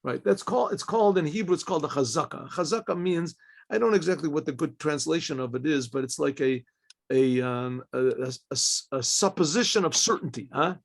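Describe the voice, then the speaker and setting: Rabbi guy giving a torah class, high voice with a gravelly rasp, keeps restarting and clearing his throat. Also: lively intonation, brisk. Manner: asks and answers his own questions.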